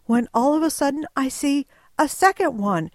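A woman telling a personal story in a wry, animated way, acting out moments as she goes. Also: high voice, no echo. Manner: wry, animated, slow and deliberate.

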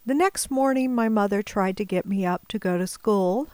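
A woman telling a personal story in a measured, deliberate way, now and then dropping to a whisper. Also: mid-range voice, a little mellow, clear, resonant tone, no echo, low-quality recording.

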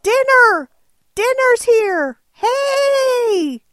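Shrill, clamoring hungry livestock voiced by a woman, very high, shouted, dry close sound. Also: lively intonation, extremely slow, no room sound, full character voice. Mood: yelling eagerly. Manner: loud, shrill, pleading. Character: hungry farm animals yelling for dinner.

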